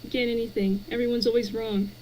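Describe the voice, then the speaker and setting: A woman streamer chatting as a guest with dry, deadpan humor. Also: a little high, a little fast, a little hiss or hum, low-quality recording. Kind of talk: casual chat.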